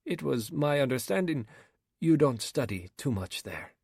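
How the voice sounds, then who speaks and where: A man reading an audiobook, voicing a smooth Somali pirate commander with an African accent, calm and proud. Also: medium pitch, measured pace, dry recording, studio quality, pitched above the performer's own voice, full character voice.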